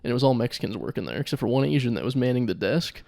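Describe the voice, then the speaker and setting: Young male podcast host, dark gravelly tone, jokey rambling delivery, dry close sound. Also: medium pitch, lively intonation, racing, no echo. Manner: joking, rambling, laughs at own jokes. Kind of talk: casual comedic chat.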